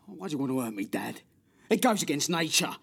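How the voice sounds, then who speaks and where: A man's voice: on the high side, big pitch swings, a little fast, vocal fry, fairly bright tone, husky, heavily acted. A man playing a friendly, blokeish actor at an audition. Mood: matey.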